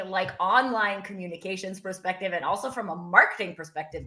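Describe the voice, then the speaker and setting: A woman's voice: medium pitch, sharp tone, roomy sound. A woman co-host chatting casually, with lots of hedging fillers. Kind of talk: casual chat.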